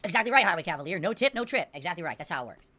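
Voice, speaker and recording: A woman's voice: on the low side, big pitch swings, very fast, sharp tone. A woman hosting a podcast from her room at home, ranting in a casual, exasperated way and answering viewers in the chat. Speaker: podcast host. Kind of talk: casual livestream rant.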